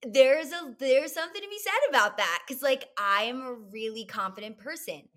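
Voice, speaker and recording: A woman's voice: high voice, expressive, moderate pace, fairly bright tone. A young woman guest on a podcast, bubbly and effusive in casual chat.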